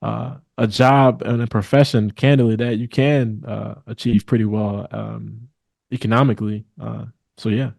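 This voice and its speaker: A man's voice: on the low side, fairly even intonation, normal speed, gravelly, a little mellow, no echo. Earnest man from Milwaukee, dry sound. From Milwaukee, Wisconsin. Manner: earnest, hesitant with many fillers and restarts. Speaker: guest, attorney. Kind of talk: casual interview talk.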